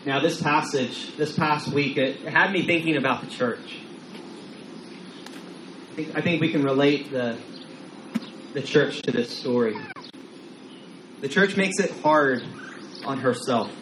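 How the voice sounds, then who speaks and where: A man's voice: medium pitch, unhurried, pauses often. A man preaching a casual sermon as pastor, talking conversationally with frequent repeated words and acted-out quotes. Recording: roomy echo, faint room noise.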